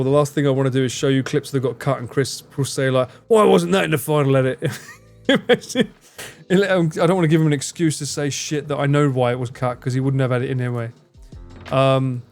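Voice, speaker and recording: A man's voice: mid-range voice, fast, soft background music. A young man with an Essex accent, chatting casually and jokingly with his live stream viewers. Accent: Essex English. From Essex, England. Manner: joking, teasing, answers chat messages.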